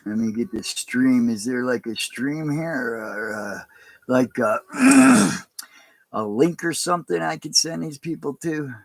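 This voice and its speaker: A man who is a pastor, talking in a casual, rambling and halting way on a livestream. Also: mid-range voice, sing-song, gravelly, dry recording.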